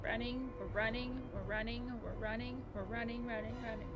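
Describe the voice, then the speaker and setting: A woman's voice: on the high side, steady tone, a little fast, loud music behind the voice. A young woman streaming a game, playful and muttering to herself as she plays. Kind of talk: gaming livestream commentary.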